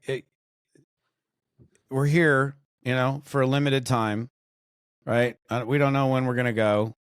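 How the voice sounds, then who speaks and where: A middle-aged American network marketing trainer, with a clear, resonant mid-range voice, chats casually as a podcast guest. He rambles and tells animated stories, frequently restarting and using fillers, in a clean studio recording free of room sound.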